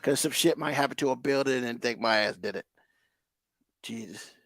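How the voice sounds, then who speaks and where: Gravelly, heated man ranting on a podcast. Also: medium pitch, normal speed, fairly bright tone, no echo, studio quality. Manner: heated, profane, exasperated ranting. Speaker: podcast host. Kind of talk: profane ranting podcast chat.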